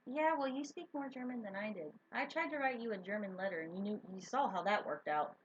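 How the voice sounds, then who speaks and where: A woman co-hosting a casual stream chat, telling stories in an animated way and laughing often. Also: medium pitch, brisk. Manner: giggly, animated storyteller. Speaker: co-host. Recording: dull lo-fi stream audio with faint hiss.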